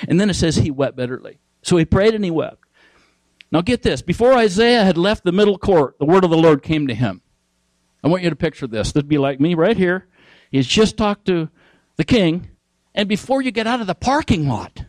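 Male preacher, high voice, dry close sound, emphatic, repeats himself, asks the crowd questions. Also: expressive, normal speed, a little mellow, dry recording, poor audio. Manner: emphatic, repeats key phrases, quizzes the audience. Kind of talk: sermon.

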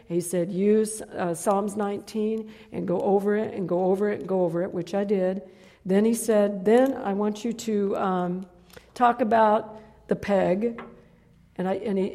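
Woman in her 60s preaching, mellow dark voice, stumbles and restarts a lot, big echo in a church hall. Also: mid-range voice. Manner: stammering restarts, swings from loud exhortation to hushed storytelling. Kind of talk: sermon with storytelling.

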